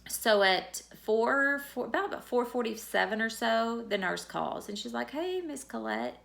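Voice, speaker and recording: Middle-aged woman, a bit of fry, chatty and candid, vlog storytelling. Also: fairly high pitch, moderate pace, fairly bright tone. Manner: candid, conversational, retells dialogue. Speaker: teacher.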